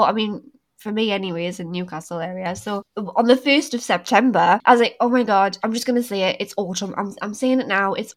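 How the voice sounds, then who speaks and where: A woman, chatting as a podcast guest in an animated way, often restarting her sentences. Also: medium pitch. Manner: animated, self-interrupting, many restarts. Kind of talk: casual chat.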